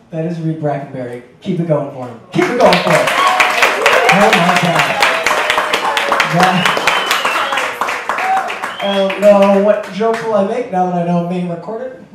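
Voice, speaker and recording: A man's voice: a little high, animated, moderate pace, very noisy. A man hosting a comedy night, bantering with the crowd in a self-mocking way. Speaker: comedy show host. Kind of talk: stand-up emceeing. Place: comedy club stage. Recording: echoey club taped from far off, audible crowd.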